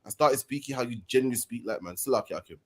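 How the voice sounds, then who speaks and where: A man's voice: mid-range voice, rapid-fire, breathy edge. A man from Birmingham, England, co-hosting a podcast in heated casual chat, preachy and slangy, ending lines with "man". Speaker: podcast co-host.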